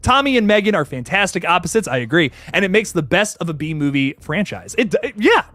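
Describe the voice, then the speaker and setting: A man hosting a horror livestream, chatting casually and reading viewer comments, excitable and profane, laughing often and swinging from low mumbles to loud bursts. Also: fairly quick, no echo.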